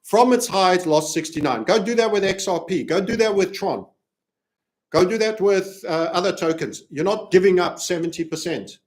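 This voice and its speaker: A man from Africa hosts a crypto chart analysis video in a fairly high voice. He rambles from point to point and cracks jokes. He also plugs his own community along the way. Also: lively intonation, normal speed. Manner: rambling, jokey, self-promoting. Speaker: crypto trading analyst and channel host.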